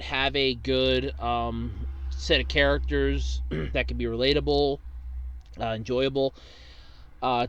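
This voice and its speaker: A man chats casually as host of a viewer Q&A, wandering through his answers with plenty of fillers and false starts. His voice is bright and crisp, a little stuffy from allergies, and recorded dry and close. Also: medium pitch, no echo. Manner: rambling, with many fillers and restarts. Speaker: host of a monthly Q&A video.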